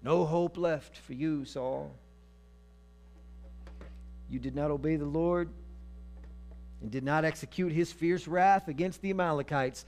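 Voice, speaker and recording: A man's voice: on the high side, measured pace, long pauses, a little mellow. A man preaching a sermon, retelling scripture in a casual, humorous storytelling manner. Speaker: pastor.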